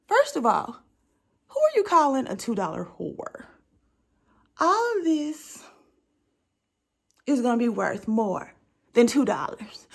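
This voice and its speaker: A young woman tells a comedic story in a conversational way and keeps checking in with her listener. Her voice sits high and swings widely as she talks. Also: slow pace, pauses often. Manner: animated, conversational, keeps asking the listener "right?". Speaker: vlogger telling a story.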